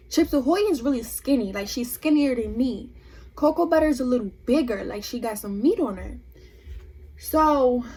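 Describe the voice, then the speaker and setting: A young woman vlogger telling a storytime tale in an animated, emphatic way. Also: sits high, husky. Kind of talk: storytime vlog.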